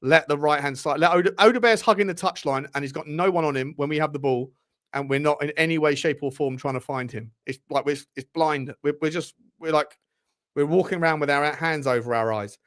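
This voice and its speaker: Shouting, swearing football fan. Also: male voice, fairly high pitch, brisk. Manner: swearing, yelling at the players. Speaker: football channel host. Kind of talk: live match watchalong commentary. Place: his room at home.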